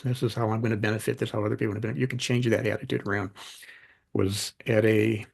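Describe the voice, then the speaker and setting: Gravelly, husky middle-aged man, guest on a podcast; storyteller who acts out the dialogue. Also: lowish voice, very fast. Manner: animated anecdotes, acts out quoted dialogue. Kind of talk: conversational storytelling.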